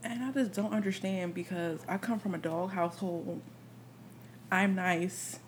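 A woman's voice: fairly low pitch, unhurried, a little hiss or hum. A woman co-hosting a podcast in casual chat, teasing and blunt. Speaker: podcast co-host.

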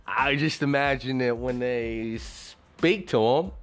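A man's voice: medium pitch, slow, hardly any pauses, soft background music. A man hosting his own show, talking alone in a rambling, profane, casual way. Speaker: show host. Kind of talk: casual solo commentary.

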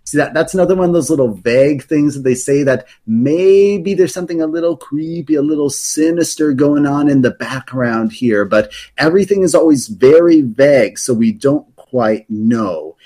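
A man's voice: on the high side, normal speed, hardly any pauses, dark tone. A man in casual podcast chat, explaining game lore at length with many fillers and restarts.

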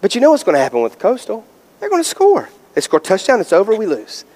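High-voiced male pastor, lively storyteller full of fillers, preaching in a reverberant church hall. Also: rapid-fire. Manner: animated storytelling, many fillers. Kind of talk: sermon.

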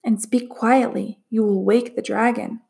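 A woman voicing a wise older male master painter who speaks in a measured, hushed way in a storybook reading. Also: fairly high pitch, steady tone, gravelly.

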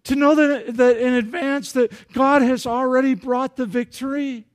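High-voiced animated male pastor. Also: normal speed. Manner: animated, acts out dialogue, jokes with congregation. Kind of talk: sermon.

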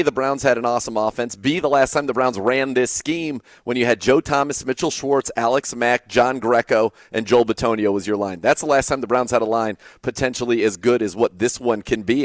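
A man co-hosting a sports talk show, talking in a steady, conversational way and backing up his co-host with short agreements. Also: mid-range voice, a little fast, hardly any pauses, no room sound.

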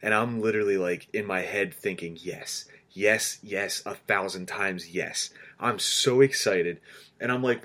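Podcast co-host, male, low-pitched, animated storyteller who acts out quotes. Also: moderate pace. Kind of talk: casual sports chat.

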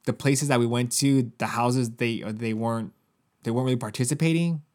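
A man's voice: medium pitch, brisk. A man in his thirties, a podcast co-host, telling a story in casual chat, swearing often and acting out other people's lines. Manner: animated, profane, acts out other people's lines.

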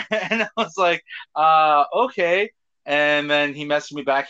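This co-host's voice sits fairly high and sounds bright, clean and forceful, though he speaks slowly with long pauses. The talk show is casual, with animated storytelling, laughter, swearing and acted-out quotes. The sound is dull and lo-fi.

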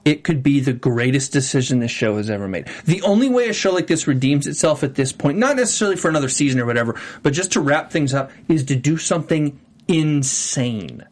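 A man co-hosting a TV after-show, chatting casually and giving opinionated, animated takes on an episode. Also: a little high, a little fast. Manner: opinionated, animated, acts out lines in voices. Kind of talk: casual chat reviewing an episode.

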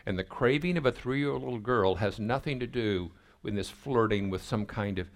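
Low-voiced man telling a sermon story. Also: moderate pace, hardly any pauses. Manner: acts out family dialogue in a lively storytelling way. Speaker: pastor.

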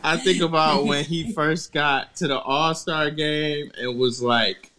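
A man's voice: fairly high pitch, steady tone, slow pace, bright, forceful tone, poor audio. A man in a casual sports chat, thinking back over memories in a reflective way.

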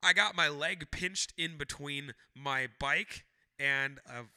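Bright-voiced young man telling a wild story. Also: on the high side, takes it slowly. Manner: animated, swears often, shouts when quoting himself. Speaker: podcast host. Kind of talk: casual storytelling chat.

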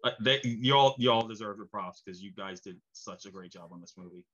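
A man's voice: lowish voice, brisk, pushed and bright, slightly rough. Enthusiastic New York man on lo-fi audio. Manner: enthusiastic, rambling with restarts. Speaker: interview host. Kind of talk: casual interview chat.

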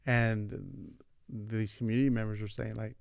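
Animated gravelly-voiced man telling classroom stories. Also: fairly low pitch, unhurried, dry recording, clean studio sound. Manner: animated, acts out quoted voices, says "man" and "like" often. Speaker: vice principal and former coach, podcast guest. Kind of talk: casual storytelling conversation.

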